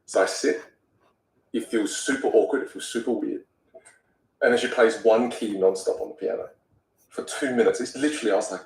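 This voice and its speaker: Aussie guy coach, deepish voice, lively storyteller, roomy sound a bit far from the mic. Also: fairly quick. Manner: animated, dramatic storyteller who acts out voices. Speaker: communication and voice coach. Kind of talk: storytelling in a podcast interview.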